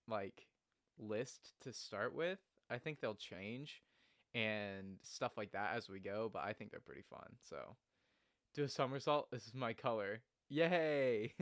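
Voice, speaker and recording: A man's voice: medium pitch, fairly bright tone, dry recording, studio quality. A man who is sick with a cough, chatting casually and laughing often with viewers on a live stream from a small storage room.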